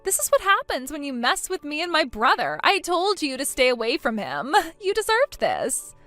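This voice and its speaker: A woman's voice: high voice, very animated, normal speed, sharp tone, no room sound, faint music behind, exaggerated voice. A woman voicing a spiteful, jealous young sister of the groom who mocks and whines in a voiced text-story drama. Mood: mocking. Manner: mocking, whiny, petulant.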